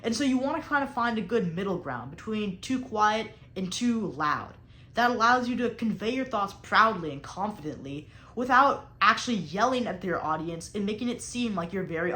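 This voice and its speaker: In an instructional talk on speaking technique, a young debate coach speaks in a medium-pitched, somewhat bright voice. She's explanatory and emphatic, intentionally varying her tone and stressing key words. The room is echoey.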